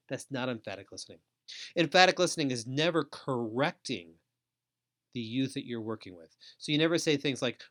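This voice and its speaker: Male educator, mid-pitched, measured lecture delivery with repeated phrasing. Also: expressive, a bit bright. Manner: deliberate, repetitive phrasing. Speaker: foster care educator. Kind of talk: recorded lecture.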